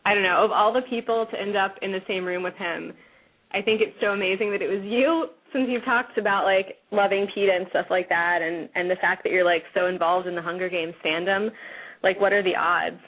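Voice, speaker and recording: A woman's voice: medium pitch, steady tone, a little fast. A woman co-hosting a podcast, chatty and friendly in casual talk. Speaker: podcast co-host. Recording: tinny phone line.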